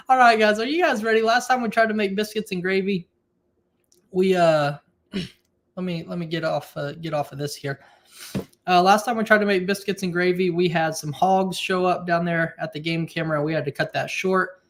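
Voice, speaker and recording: Man, homestead livestream host, casual chat, reads comments aloud, kitchen, phone mic. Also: moderate pace. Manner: chatty, reads viewer comments aloud, keeps voice low at times. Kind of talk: casual live-stream chat.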